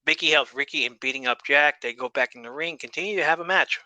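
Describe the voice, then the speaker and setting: Male podcast host, laid-back recap style, bright sharp tone, dry close sound. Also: on the high side, fast, no echo, poor audio. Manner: laid-back, swears casually, laughs often. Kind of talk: casual episode recap.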